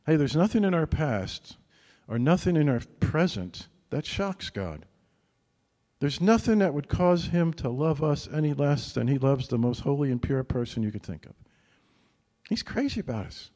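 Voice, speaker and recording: A male pastor preaching a sermon in a relaxed, conversational way, often checking in with his listeners with a quick "right?". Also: a little high, in a large hall.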